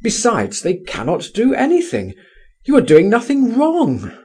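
Guy reading a book doing an urgent friend begging someone to run, husky voice, big swoops. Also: high-pitched, wildly swooping pitch, unhurried, darkish tone, voice pushed up, heavily acted. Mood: pleading. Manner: urgent, coaxing, exclaiming. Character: insistent pleading man urging a friend to flee. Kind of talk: audiobook dialogue.

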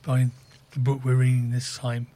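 A man co-presenting on community radio, reading the news and dryly grumbling about books in a deadpan way. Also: medium pitch, moderate pace. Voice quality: husky. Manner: dry, fussy, deadpan. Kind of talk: casual radio chat.

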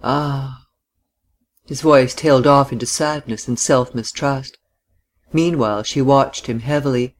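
An audiobook narrator reading literary fiction in a measured, even manner. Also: mid-range voice. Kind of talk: scripted narration.

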